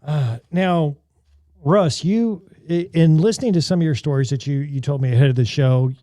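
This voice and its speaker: A man's voice: on the high side, moderate pace, dark tone, no echo, studio quality. A man hosting a podcast, asking his guests questions in a friendly, joking way. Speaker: podcast host. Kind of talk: interview questions, casual chat.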